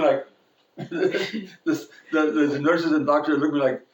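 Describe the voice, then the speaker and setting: A man's voice: fairly high pitch, fairly even intonation, normal speed, dull audio. A man preaching a sermon, telling funny stories about himself and chuckling as he goes. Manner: joking, chuckles at his own stories. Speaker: pastor. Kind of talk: sermon with personal anecdotes. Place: church sanctuary. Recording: echoey church room.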